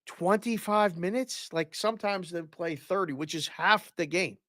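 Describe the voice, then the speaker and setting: Higher-voiced man talking hockey. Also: moderate pace, a bit bright, no echo, studio quality. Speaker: sports podcast co-host; former hockey player and youth coach. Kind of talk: casual sports talk.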